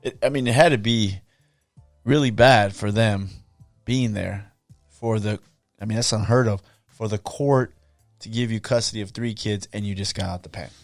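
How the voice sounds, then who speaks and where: A man's voice: lowish voice, moderate pace, soft background music. A man hosting a casual podcast interview, reacting often and cracking jokes. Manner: reactive, joking listener. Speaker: podcast host.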